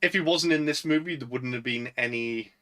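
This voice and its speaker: A man's voice: medium pitch, brisk, pushed and bright, poor audio. A young man with a Northern English accent, co-hosting a casual podcast chat and rambling with lots of fillers. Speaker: podcast co-host.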